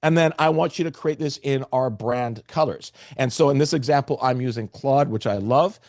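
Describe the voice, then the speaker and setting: A man's voice: medium pitch, moderate pace, a little mellow, no echo, studio quality. A man presenting a live webinar, talking to the chat with energy and restarting phrases often.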